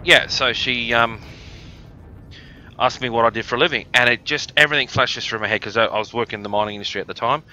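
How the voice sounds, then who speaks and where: A man's voice: medium pitch, fast, sharp tone, dull audio, a little hiss or hum. An Australian man from the outback with a cough, telling a rambling, crude, joking story on a live stream. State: has a cough. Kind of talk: casual storytelling.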